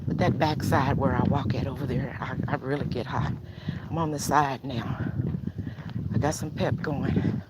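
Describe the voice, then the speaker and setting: An older woman with a bass voice, steady tone, and moderate pace live-streams her neighborhood walk outdoors. She chats casually with viewers between sighs and heavy breaths, clearly out of breath, as outdoor noise plays behind her.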